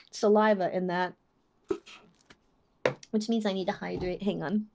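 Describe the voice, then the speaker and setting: A woman's voice: mid-range voice, steady tone, a little slow, gravelly, background noise. A young woman streaming live, chatting with her chat while working on a song and trying out lines by singing them.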